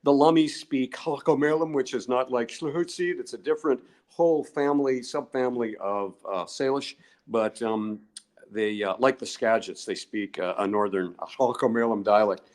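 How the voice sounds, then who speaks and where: A man's voice: mid-range voice, moderate pace, a little mellow. An older man, a guest researcher, telling long digressive stories in a podcast interview and chuckling often.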